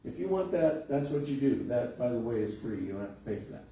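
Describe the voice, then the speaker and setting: A man's voice: medium pitch, lively intonation, quick pace, warm tone. A middle-aged man pastor telling a folksy, conversational story during a sermon in a large church. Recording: echoey hall, distant mic, faint hiss.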